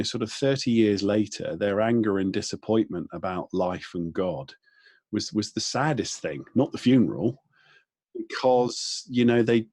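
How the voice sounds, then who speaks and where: A man hosting an interview, rambling through an anecdote as he works his way to a question. His voice is low and a little husky, recorded dry and close. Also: a little mellow, no room sound. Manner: rambling, thinks aloud before landing on a question. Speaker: interview host. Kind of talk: conversational interview.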